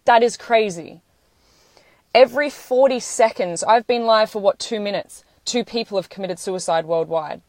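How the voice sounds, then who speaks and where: A tearful woman in her thirties livestreams an emotional monologue, blunt and swearing, nearly crying. Her medium-pitched, darkish voice moves at normal speed, captured by a phone held close with dry sound and no echo.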